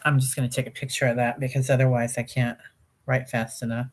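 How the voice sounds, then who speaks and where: Woman, extremely low voice, meditation host, rambling chatty sign-off, greets viewers by name. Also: level tone, fast. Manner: chatty, warm-hearted, reads viewer comments aloud; rambling with many fillers and self-corrections. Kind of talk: casual livestream sign-off chat.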